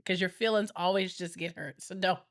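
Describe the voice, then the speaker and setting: A woman hosting a casual couples podcast with a stuffy, congested nose, telling stories in an animated, teasing way. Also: on the low side, brisk. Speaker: podcast host.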